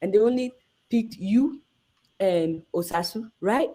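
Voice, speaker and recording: A woman in her thirties with a Nigerian accent, a journalist guest telling a story with lively energy and acting out the people she quotes. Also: a little slow. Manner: acts out quoted voices with big pitch jumps. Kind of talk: animated storytelling in conversation.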